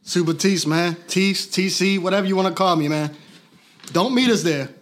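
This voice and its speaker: A man joining a casual podcast with friends, loud and joking in slangy talk. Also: sits high, normal speed. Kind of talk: casual live podcast chat.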